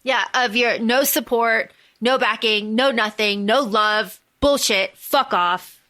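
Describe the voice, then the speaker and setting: A woman co-hosting a book podcast, recapping the plot in casual chat, animated and swearing freely. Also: a little high, slow pace, noisy background. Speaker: podcast co-host.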